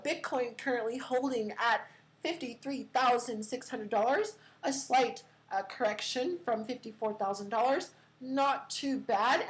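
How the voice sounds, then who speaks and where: A woman's voice: a little high, rough recording. A young woman hosting a casual crypto livestream, giving a chatty market rundown full of fillers. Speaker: livestream host.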